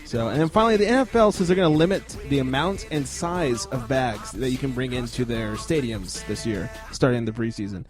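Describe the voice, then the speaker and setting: A man's voice: medium pitch, fairly quick, hardly any pauses, faint music behind. A man hosting a casual sports talk podcast, running through news items with dry, joking asides.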